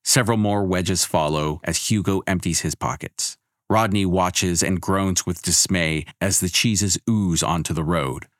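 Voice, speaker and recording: A man with a very low voice narrates a fantasy story in a wry, measured way. The sound is dry and close to the mic. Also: no echo.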